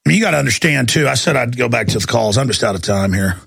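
A middle-aged man hosting a radio talk show, delivering an angry rant, shouting and pushing his voice up when worked up. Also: expressive, quick pace, creaky, breathy edge. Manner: shouting and ranting, voice climbing high when angry.

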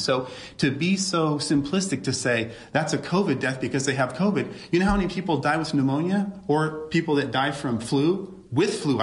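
Emphatic middle-aged man, echoey room. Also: a little high. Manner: emphatic, rhetorical questions. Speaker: ER doctor.

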